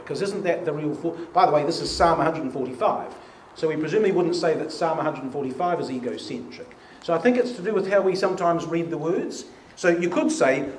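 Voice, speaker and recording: A man's voice: on the high side, brisk. A man leading a church study meeting, reading hymn and psalm lines aloud with emphasis. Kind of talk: informal Bible study talk. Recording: echoey room with faint hiss.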